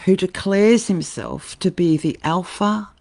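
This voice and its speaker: A woman co-hosting a live online show, reading quotes and scripture aloud in a measured way. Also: lowish voice, creaky, a little mellow. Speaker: co-host who reads the quotes.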